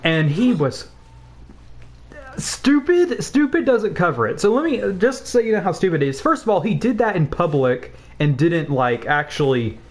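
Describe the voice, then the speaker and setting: Young male streamer, about 19, slightly high voice, loose profane storytelling with laughing asides. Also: sing-song, normal speed. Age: young adult, about 19. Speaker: game streamer. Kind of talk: casual storytelling while gaming.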